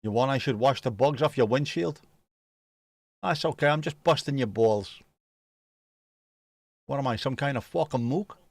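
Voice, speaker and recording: A man's voice: medium pitch, normal speed, long pauses, no echo, natural voice. A man putting on a brash New York tough guy. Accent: put-on New York with a Liverpool edge. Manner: loud, brash, wisecracking.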